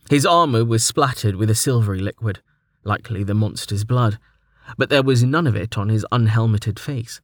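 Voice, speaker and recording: A man narrating a fantasy audiobook in a steady, even storytelling manner. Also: fairly low pitch, no room sound, studio quality.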